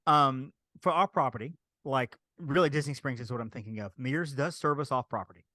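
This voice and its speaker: A man co-hosting a podcast tells a story in casual chat, acting out what he and others said. His mid-range voice moves briskly with no echo, and he delivers the tale in an animated way.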